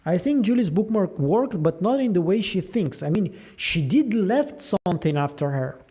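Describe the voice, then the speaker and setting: High-voiced man musing over show theories. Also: normal speed, husky. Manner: musing aloud, animated, trailing fillers. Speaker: show theory channel host. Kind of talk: casual theory breakdown.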